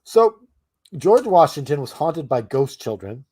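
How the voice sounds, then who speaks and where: A man's voice: a little high, big pitch swings, unhurried, dark tone, slightly rough, dry recording. A man co-hosting a podcast in casual chat, hesitant with many restarts and chuckles. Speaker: podcast co-host.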